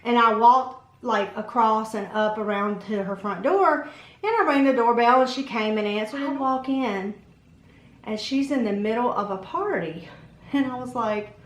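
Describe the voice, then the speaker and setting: A woman vlogger and mom casually telling a personal story in an animated way, acting out what people said. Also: on the high side, moderate pace. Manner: animated, acts out quotes in her telling. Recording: roomy echo.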